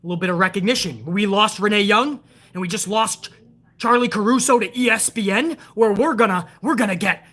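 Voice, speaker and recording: A woman's voice: medium pitch, brisk, a bit bright. A woman hosting a show, ranting hard with profanity about wrestling and answering viewers in a live chat. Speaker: show host.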